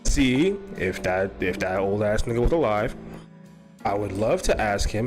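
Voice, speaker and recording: A man's voice: fairly low pitch, expressive, moderate pace, faint music behind. A man hosting a casual talk show, rambling, swearing and laughing often. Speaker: host.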